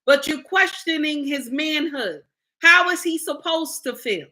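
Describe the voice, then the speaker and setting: Speaking a little slowly, a middle-aged woman content creator uses a high, bright, forceful voice to scold and lecture her viewers. It's a blunt, preachy livestream commentary rant.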